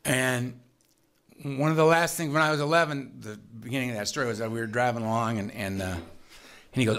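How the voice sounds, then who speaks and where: A man's voice: medium pitch, steady tone, a little fast, fairly bright tone. A middle-aged man telling his own recovery story at a meeting, with wry, self-mocking humor and grumbling asides.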